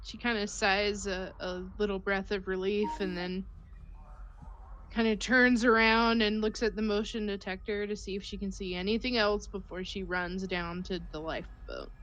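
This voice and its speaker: Female player, mid-pitched, faint hiss behind. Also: steady tone, fairly bright tone, low-quality recording. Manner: questioning, quick to object. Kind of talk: tabletop role-play.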